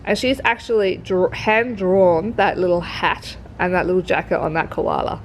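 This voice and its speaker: An Australian woman from a craft shop, who says she's sick, chats her way through a craft kit at work, gushing about every piece with plenty of fillers. Her voice sits on the low side at a normal speed, and the poor audio has a little hiss or hum.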